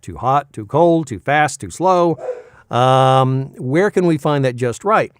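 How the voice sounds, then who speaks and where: A man's voice: medium pitch, lively intonation, slow, clean tone, no echo, studio quality. A male voice actor chatting casually in a vlog, rambling and self-deprecating as he tells stories from his work.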